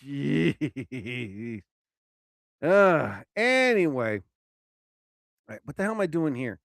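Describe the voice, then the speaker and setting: A man hosting a live stream who reads a list aloud and keeps breaking off with jokey, excitable remarks, often stumbling over his words. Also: medium pitch, very slow, gravelly, no room sound, studio quality. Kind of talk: casual live-stream reading and commentary.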